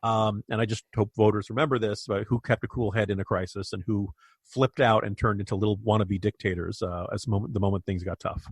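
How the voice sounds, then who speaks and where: Indignant American man, low and dry. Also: fairly even intonation, fairly quick, husky, no echo. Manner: emphatic, indignant, with filler restarts. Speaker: podcast co-host. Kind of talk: political commentary.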